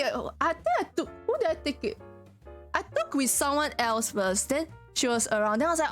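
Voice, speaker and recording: A woman's voice: high-pitched, fast, soft background music. A woman streamer chatting casually with her viewers, telling stories with lots of giggling. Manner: giggly, animated storytelling with frequent laughter.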